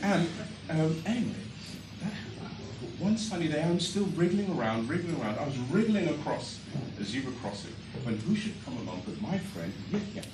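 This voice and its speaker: Male storyteller, lively comic telling, mid-high voice with wide swings, echoey hall, distant mic, audience noise. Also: normal speed. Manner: animated, comically exaggerated telling. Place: storytelling stage before a live audience.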